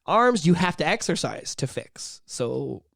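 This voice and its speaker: Man, high voice, profane animated storytelling, dry studio mic. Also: measured pace, vocal fry, no echo. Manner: animated, profane, breaks into shouted bits. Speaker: podcast co-host. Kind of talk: crude casual storytelling.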